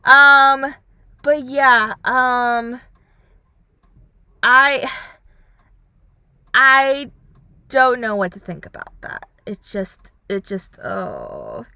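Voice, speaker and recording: Speaking in a high voice with drawn-out words and long pauses, a young woman vlogger chats casually about a series she's reviewing. She rambles, fills gaps with "like" and "um," and animatedly performs characters' lines, all in a clean recording with no room sound.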